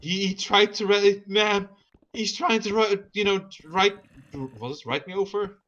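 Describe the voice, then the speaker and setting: A man mimicking a panicky, shrill middle-aged woman calling the police, stammering and frantic. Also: normal speed, fairly bright tone, dull audio.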